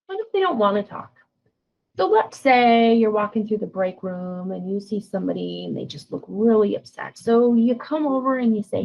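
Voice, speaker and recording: Woman counselor doing a training talk, kinda husky, chatty, lots of "right?", muffled lo-fi audio. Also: fairly high pitch, lively intonation, moderate pace. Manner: conversational, frequent tag questions, acts out example lines. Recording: dull lo-fi sound.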